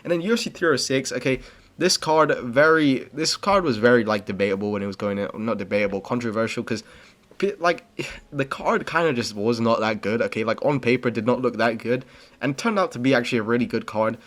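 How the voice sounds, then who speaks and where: A man's voice: medium pitch, brisk, fairly bright tone. A young man casually recapping fights, rambling and blunt, peppering his talk with slang and filler words. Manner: rambling, slangy, says "bro" and "okay" constantly; blunt and opinionated. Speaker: MMA commentary channel host.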